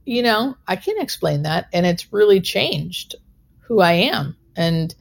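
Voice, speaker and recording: Woman guest, hospice nurse; lowish, gravelly voice; earnest, emotional storytelling full of fillers. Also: lively intonation, unhurried. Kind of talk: personal storytelling in interview.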